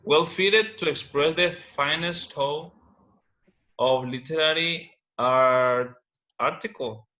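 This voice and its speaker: Male student, halting classroom reading, stumbles over words, bright voice. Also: a little high, fairly even intonation, dull audio. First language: Spanish.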